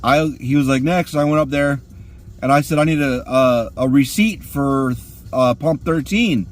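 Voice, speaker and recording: A man's voice: mid-range voice, normal speed, faint music behind. A man ranting crudely and profanely while sitting in his car. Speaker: vlogger.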